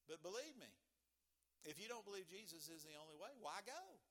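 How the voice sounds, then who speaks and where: High-voiced, emphatic pastor. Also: male voice, very animated, a little fast. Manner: emphatic, rising to loud bursts, with frequent restarts. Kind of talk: sermon.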